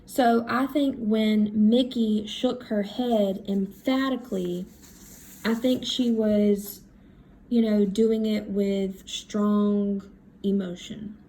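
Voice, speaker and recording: A woman teacher talks her class through a reading lesson, thinking aloud at an unhurried pace. Her voice is mellow and relaxed. A faint hum of room sound sits behind her. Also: mid-range voice. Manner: slow, thinking aloud while writing.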